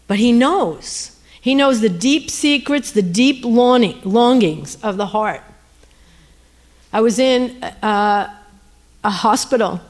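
Animated middle-aged woman giving testimony. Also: fairly high pitch. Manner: animated, acts out dialogue. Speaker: minister. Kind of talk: testimony sermon storytelling.

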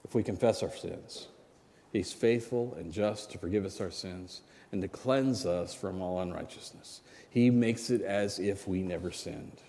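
A man's voice: low voice, unhurried, dark tone. A man in his sixties preaching a sermon and telling a personal story in a conversational way, now and then asking the congregation for an amen. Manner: conversational, asks the congregation for amens. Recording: long hall reverb.

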